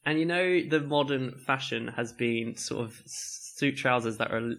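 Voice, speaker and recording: A man's voice: medium pitch, a little slow, gravelly, fairly bright tone. A man co-hosting a podcast, telling stories in a casual chatty way and laughing often. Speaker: podcast co-host. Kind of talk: casual chat.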